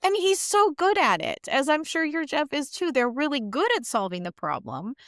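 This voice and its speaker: A woman's voice: high voice, very animated, normal speed, a bit bright, dry recording, studio quality. Frank, sweary woman podcast co-host. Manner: frank, swearing, laughs while venting. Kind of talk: casual chat.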